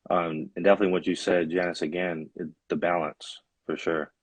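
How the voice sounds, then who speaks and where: Young guy hosting a podcast, real low voice, dry sound, laid back. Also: brisk, husky, no room sound. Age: young adult. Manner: relaxed, steering the talk. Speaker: podcast host. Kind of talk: casual chat.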